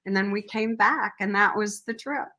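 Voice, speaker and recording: A middle-aged woman telling a personal story as an interview guest, earnest and animated, acting out what people said. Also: medium pitch, moderate pace. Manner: earnest, animated storyteller who acts out quotes. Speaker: podcast guest, nonprofit founder.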